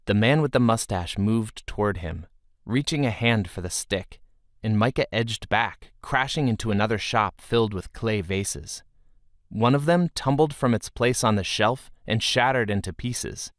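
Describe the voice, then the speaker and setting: A man narrating a fantasy audiobook in an expressive storytelling way, close to the mic. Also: on the low side, normal speed, no room sound.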